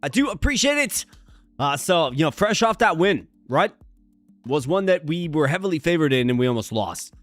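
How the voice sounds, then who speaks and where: Animated, chatty male game streamer. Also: fairly high pitch, normal speed, dry recording, soft background music. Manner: animated, playful and chatty, talking to viewers. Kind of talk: casual live-stream commentary.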